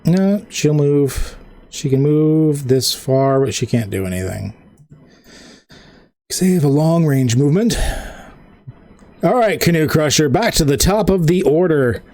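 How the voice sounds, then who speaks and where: A thinking-aloud game master in a dry room. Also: male voice, on the high side, expressive, a little slow, pauses often, a little mellow, no echo. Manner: explains rules patiently, thinking aloud. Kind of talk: running a tabletop game online.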